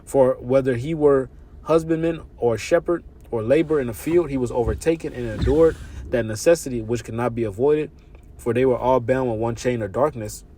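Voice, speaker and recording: A man with a voice of ordinary pitch delivers a casual sermon, reading verses slowly and stumbling over words. Between passages he breaks into loose, slangy commentary that grows fired up. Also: dark tone, slight background noise. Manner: loose slangy preaching, reads verses haltingly, laughs and gets fired up. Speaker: religious teacher.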